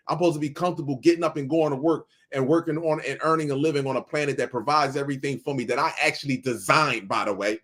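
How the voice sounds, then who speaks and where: A man's voice: mid-range voice, quick pace, few pauses, fairly bright tone. A man hosting a reaction video, giving heated commentary in an emphatic, sarcastic and preachy way.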